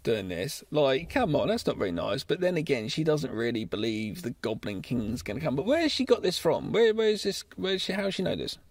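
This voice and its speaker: A man's voice: mid-range voice, normal speed, hardly any pauses, no room sound. A man co-hosting a podcast, chatting casually and jokily about films, swearing a lot. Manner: sweary, excitable, jokey. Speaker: podcast co-host. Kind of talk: casual film chat.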